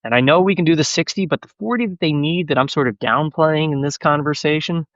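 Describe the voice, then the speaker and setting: A man guesting on a podcast, speaking as a sales executive in a casual, animated conversation and telling self-deprecating stories. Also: a little high, quick pace, dry recording, dull audio.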